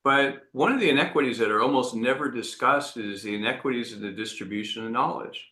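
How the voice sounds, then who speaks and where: A man's voice: medium pitch, a little fast, pushed and bright, reverberant. A man speaking earnestly as an entrepreneur guest in an interview, often restarting his sentences. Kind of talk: reflective interview talk.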